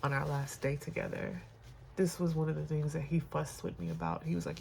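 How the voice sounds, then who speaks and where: A vlog host talking in an unscripted personal vlog, candid and reflective, with many pauses and fillers. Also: mid-range voice, little pitch movement, gravelly, darkish tone, slight background noise.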